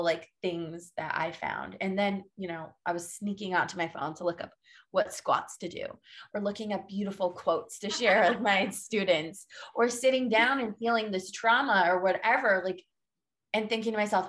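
A woman's voice: mid-range voice, moderate pace, a bit bright. A young woman, a fitness coach, chatting as a podcast guest in a sassy, emphatic, motivational way. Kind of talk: casual interview chat.

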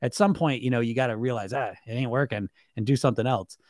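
A man's voice: mid-range voice, fast talker, a little mellow, no room sound, clean studio sound. A man coaching viewers on weight loss through self-hypnosis in a blunt, emphatic monologue, swearing casually and asking rhetorical questions.

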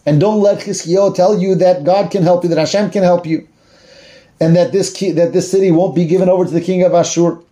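A man's voice: high voice, fairly even intonation, fairly quick, mellow, natural voice. A man acting out an arrogant male royal envoy who mocks and threatens, in a boastful, taunting voice.

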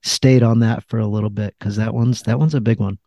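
Gravelly, husky man hosting a podcast. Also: lowish voice, fairly even intonation, warm tone, dry recording, studio quality. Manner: halting, leans on "you know". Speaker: podcast host. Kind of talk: casual faith conversation.

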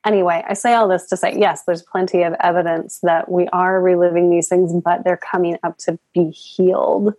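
A woman's voice: fairly low pitch, flat delivery, moderate pace, few pauses, warm tone, no room sound. A woman guest on a spiritual podcast, telling her story in a reflective, earnest way.

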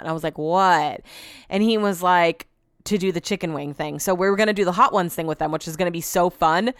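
A young woman hosting a podcast, telling a story in a chatty, animated way and acting out everyone's lines. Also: fairly low pitch, fairly quick, smooth, no echo, clean studio sound. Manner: chatty, animated, quotes herself and others; laughs while telling the story. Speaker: podcast host. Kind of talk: casual storytelling chat.

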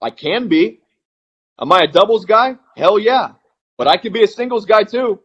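A middle-aged man with a slightly high, husky voice tells blunt stories in a rapid, animated flow. The sound is dull and lo-fi, like a modest podcast recording. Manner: blunt, animated, fast-flowing anecdotes. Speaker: retired baseball player, guest. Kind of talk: podcast interview storytelling.

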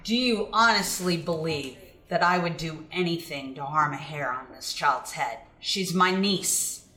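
A shrewd male camp elder talks his way around an accusation, played by a woman in a low, wry, placating voice. The delivery is slow and easy. An echoey room surrounds it. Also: pushed and bright.

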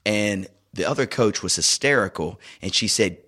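A man and youth soccer coach chatting casually as co-host, telling a story with lively acted-out quotes. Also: on the low side, moderate pace. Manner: animated storyteller, acts out quoted voices. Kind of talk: casual chat.

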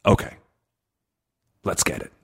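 A man's voice: measured pace, background noise. A man co-hosting a comedy podcast, talking in a jokey, playful way with mock-dramatic bits. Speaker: podcast co-host. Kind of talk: casual comedic chat.

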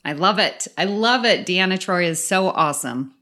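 A woman's voice: on the low side, animated, moderate pace, pushed and bright. A woman co-hosting a podcast in casual chat, talking with enthusiasm and frequent laughter. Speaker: podcast co-host.

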